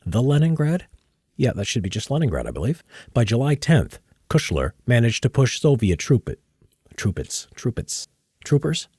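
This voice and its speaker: A man's voice: medium pitch, a little mellow, husky, no echo, studio quality. A man recording history narration takes live, chatting casually between careful read-throughs. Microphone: studio microphone.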